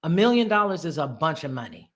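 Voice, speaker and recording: A woman's voice: low-pitched, sing-song, a little fast. A woman hosting a casual live stream, playful and laughing often as she exclaims. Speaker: host.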